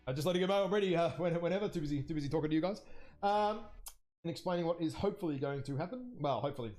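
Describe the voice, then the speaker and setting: High-voiced man casting a live esports match. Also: very fast, darkish tone, soft background music. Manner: chatty and rambling, thinking aloud; voice jumps higher when surprised. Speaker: caster of an online game league match.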